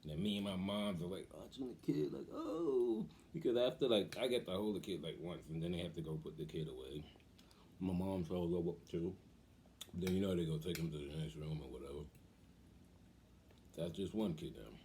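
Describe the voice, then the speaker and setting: A man casually telling a story on his vlog, animated and acting out the voices of people in it. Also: deep voice, fairly quick, a little hiss or hum. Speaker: cooking vlogger.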